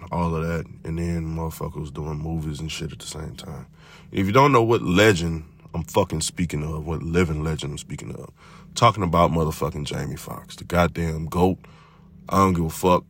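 A very deep-voiced man hosts a podcast on his own. He talks loosely and profanely, rambling along and stretching words out in long repeated runs. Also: breathy edge. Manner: profane, rambling, drawn-out repetitions. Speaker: podcast host. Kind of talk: casual monologue.

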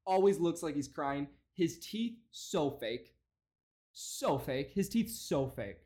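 A young man doing casual reaction commentary, profane and mocking with rapid-fire rants. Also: a little high, lively intonation, mellow.

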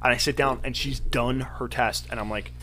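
Bright-voiced young man telling a profane story. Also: medium pitch, normal speed, a little hiss or hum. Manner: animated, profane storytelling with acted quotes. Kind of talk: casual chat, storytelling.

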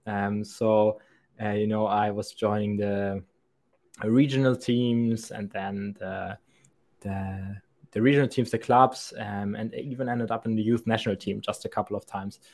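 A man's voice: on the low side, flat delivery, unhurried, gravelly, darkish tone. A young man with a thick German accent, a podcast guest chatting casually, often stammering and restarting his sentences. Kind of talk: casual chat.

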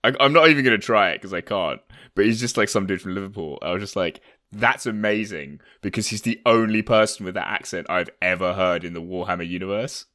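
A man's voice: deep voice, quick pace, pushed and bright. A young man co-hosting a casual hobby podcast, talking animatedly with many fillers and frequent laughs. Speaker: podcast co-host. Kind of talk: casual chat.

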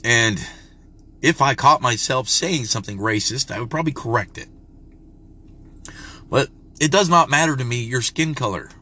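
A man's voice: medium pitch, normal speed, long pauses, sharp tone. A man in his forties rants bluntly and profanely while putting on a redneck drawl. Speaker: parent vlogger. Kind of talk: casual rant to camera.

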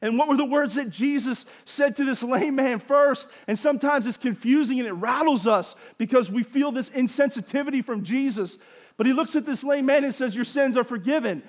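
A man preaching a sermon, building to emphatic bursts and dropping to quieter explanation. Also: very high voice, a little fast. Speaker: pastor.

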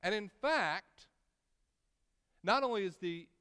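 Male pastor preaching, clear resonant voice, fairly high, long hall reverb. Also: lively intonation, takes it slowly. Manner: preaching with wide swings between loud emphasis and quiet asides. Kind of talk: sermon.

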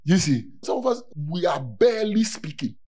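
Guy preaching a sermon, kinda high voice, gets loud and animated, keeps repeating words. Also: normal speed. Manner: animated, rises to near-shouts for emphasis, repeats key words.

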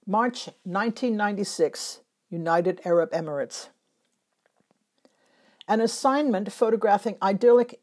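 Mellow-voiced woman narrating travel memoirs. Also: mid-range voice. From Northern Europe. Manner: measured, reflective storytelling. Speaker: travel photographer. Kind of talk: scripted first-person travel narration.

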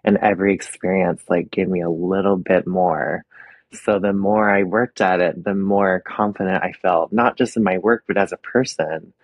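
A young adult man being interviewed, telling personal stories openly and with feeling, with soft laughs now and then. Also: low-pitched, fairly even intonation, normal speed, no room sound. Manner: open, emotional storytelling with soft laughs. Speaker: guest, makeup artist. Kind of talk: casual interview.

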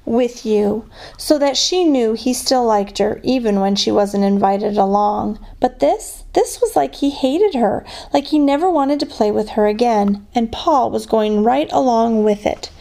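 Female guest reader for a kids' chapter book; fairly high, expressive storytelling voice. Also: measured pace, vocal fry, hardly any pauses. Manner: expressive, lifts her voice for the characters' lines. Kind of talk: reading a children's chapter book aloud.

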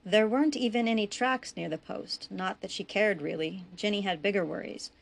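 A woman reading her own western story aloud in a measured, even narration. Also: mid-range voice, gravelly.

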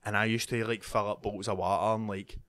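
A young man with a Scottish accent chats casually as a podcast co-host. His voice sits low, and the sound is dry and close. He laughs a lot and keeps saying aye and mate. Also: level tone, fast talker, a bit bright, smooth, no room sound. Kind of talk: casual chat.

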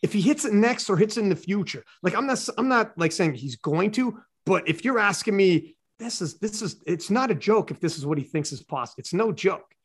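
A man guesting on a podcast, talking in a loose, excitable way with lots of slang and swearing. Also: sits high, a little fast, few pauses, breathy edge. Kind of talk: casual chat.

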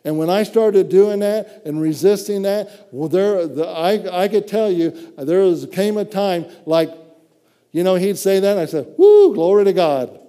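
Man, preacher, sermon, fervent, high voice, long hall reverb. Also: a little slow, warm tone. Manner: fervent, exclaiming praise between phrases.

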